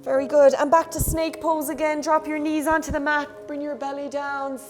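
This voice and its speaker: A woman's voice: high-pitched, level tone, moderate pace, faint music behind. A young Irish woman leading a children's yoga class, playful and encouraging as she talks to the kids at home.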